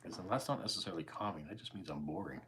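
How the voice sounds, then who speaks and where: A man in his forties with a Canadian accent, chatting calmly and easily with viewers during a live stream. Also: low voice, a little hiss or hum. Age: 40s. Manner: calm, easygoing, unhurried. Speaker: YouTube host. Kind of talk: casual livestream chat answering viewer comments.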